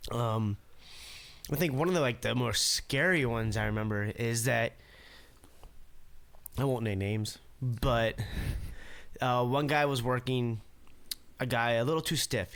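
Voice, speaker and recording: A man with a smooth, clear voice sits in on a podcast. He talks at a middle pitch and goes through his story calmly, step by step. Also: normal speed, long pauses. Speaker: podcast guest. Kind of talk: casual chat.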